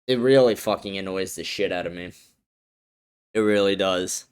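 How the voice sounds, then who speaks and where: Young guy streamer going off on a heated sweary rant, lowish voice, really clean and smooth sound. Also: normal speed. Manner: heated, profane, blunt rant with many fillers. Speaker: livestream host. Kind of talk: ranting political commentary stream.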